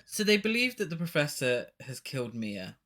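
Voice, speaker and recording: Reviewing a bad film on a podcast he co-hosts, this man rants in a sweary, exasperated, joking way, laughing as he goes. His voice is fairly high, very animated, and a bit bright, delivered at a moderate pace. It's casual film review chat.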